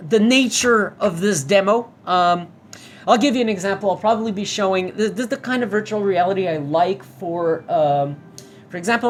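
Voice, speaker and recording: A man giving casual first-impressions commentary as a gamer on a VR demo, rambling, restarting and swearing. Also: high-pitched.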